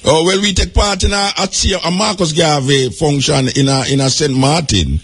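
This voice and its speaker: Husky Jamaican radio host. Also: male voice, on the high side. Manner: relaxed, conversational, quick affirmations. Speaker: radio talk-show host. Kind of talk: talk radio call-in.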